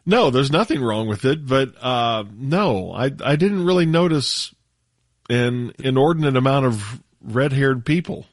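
A man from the United States, a radio show regular, chatting casually on air in a laid-back, halting way with frequent laughs. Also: mid-range voice, lively intonation, dry recording, studio quality.

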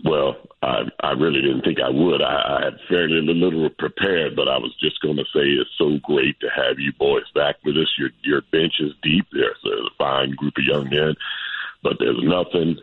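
A man calling in to a radio show, stumbling and gushing with delight at getting through. His voice sits very deep, with a gravelly, husky edge. He comes through a thin, tinny phone line. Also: steady tone, moderate pace, dry recording. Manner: stammering, gushing. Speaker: caller. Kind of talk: excited radio call.

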